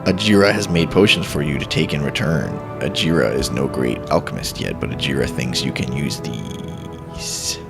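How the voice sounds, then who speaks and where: A man's voice: low-pitched, a little fast, few pauses, over music, voice pushed down, lightly acted. A man voicing a scheming female cat-folk mage apprentice in a mock accent while reading game dialogue.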